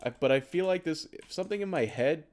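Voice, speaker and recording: A man's voice: fairly high pitch, lively intonation, a little fast, a little mellow. A man co-hosting a podcast, bluntly chatting about a film and laughing through his own stories. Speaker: podcast co-host. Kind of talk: casual movie review chat. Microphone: remote call microphone.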